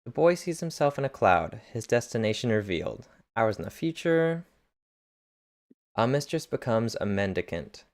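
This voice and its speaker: A man's voice: medium pitch, very animated, moderate pace, a little mellow. A man reading dramatic recap captions aloud in a casual way, stumbling over words now and then. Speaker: reader narrating a webcomic.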